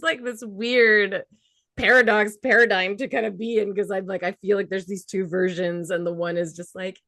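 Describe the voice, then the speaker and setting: A woman co-hosting a podcast in a casual spiritual chat, animated and laughing as she acts out her own inner voices. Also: mid-range voice, moderate pace, no room sound, studio quality. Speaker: podcast co-host.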